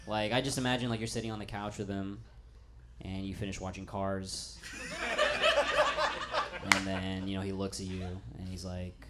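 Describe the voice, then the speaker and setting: A man doing a stand-up set in a small studio in front of a live audience, talking in an offhand, deadpan way that breaks into loud comic rants. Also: sits low, moderate pace, pauses often, heavy background noise. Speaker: stand-up comedian.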